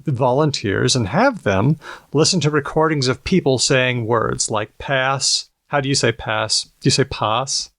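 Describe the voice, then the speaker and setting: A man's voice: medium pitch, fairly bright tone, dry recording, clean studio sound. A man co-hosting a casual podcast chat, explaining research and teasing his co-hosts. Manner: explanatory, teasing, quick to laugh. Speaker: podcast co-host presenting research.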